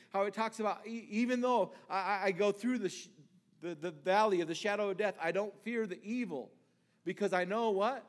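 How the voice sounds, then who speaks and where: High-voiced man preaching a casual sermon. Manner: conversational, restarts words, acts out scripture lines. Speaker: pastor.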